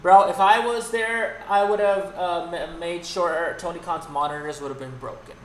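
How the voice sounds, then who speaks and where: This streamer speaks at a normal speed in a high, steady voice, delivering an off-the-cuff, profane, exasperated rant on his own livestream and frequently starting sentences over. Faint background noise sits in a roomy recording.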